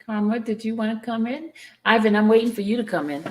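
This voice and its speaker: A woman's voice: fairly high pitch, fast talker, darkish tone. A woman hosting a casual live stream from home, chatting and calling viewers into the conversation. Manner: chatty, teasing, calls out to viewers. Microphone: headphones with mic. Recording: roomy echo.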